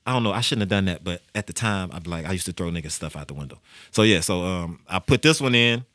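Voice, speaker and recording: Bright-voiced man telling a lively story. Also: quick pace, dry recording. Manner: animated storyteller, acts out quotes in high voices. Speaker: music executive guest. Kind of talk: casual radio interview storytelling. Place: radio studio. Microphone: studio microphone.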